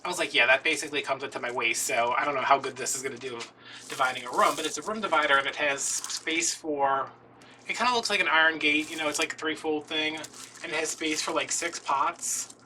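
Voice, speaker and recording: Hosting a craft video, a man casually recounts his day in a rambling, self-deprecating story. His fairly high voice is steady, brisk, bright and forceful, captured from a distance with faint background noise.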